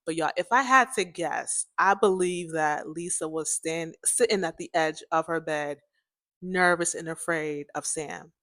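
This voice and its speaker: A young woman hosting a podcast, telling a personal story in a chatty, animated way, often laughing and speaking straight to her listeners. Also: on the low side, no echo, studio quality. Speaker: podcast host.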